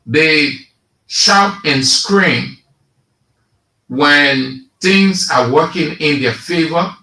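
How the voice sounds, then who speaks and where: Slow sarcastic Liberian man. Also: a little high, sharp tone, reverberant, poor audio. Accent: Liberian English. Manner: slow, sarcastic, reads statements aloud and mocks them. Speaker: radio talk show host. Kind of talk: political commentary.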